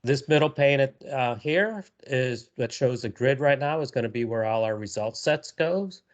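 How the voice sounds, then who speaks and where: A man presenting a live software tutorial, talking casually with many fillers and repeated words. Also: medium pitch, animated, normal speed.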